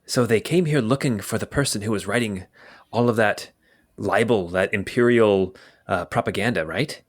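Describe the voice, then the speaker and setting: A man voicing a male barkeep who leans in and lowers his voice, growing riled up about his city's occupiers. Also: moderate pace, lightly acted. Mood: hushed. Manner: conspiratorial, lowers voice. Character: male barkeep, friendly then angry.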